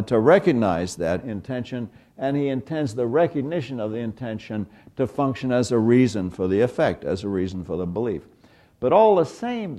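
A man's voice: mid-range voice, dark tone. Older man giving a wry university lecture. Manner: conversational, wry, talks through examples.

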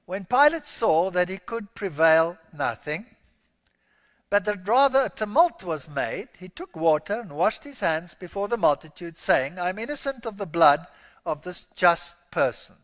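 A high-voiced man preaches with a bright, ringing edge. He reads scripture emphatically and lifts into loud exclamations. His voice carries a long reverb from a large hall. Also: expressive, measured pace. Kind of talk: sermon.

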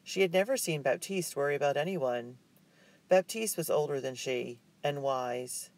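A man narrating a children's novel chapter in a measured, even storytelling manner. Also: on the high side. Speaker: audiobook narrator. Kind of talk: scripted audiobook narration.

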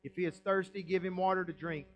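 High-voiced Southern pastor preaching. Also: male voice, steady tone, fast talker, rough recording. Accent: Southern American. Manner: folksy, emphatic preaching with rhetorical questions. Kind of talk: sermon. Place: church sanctuary.

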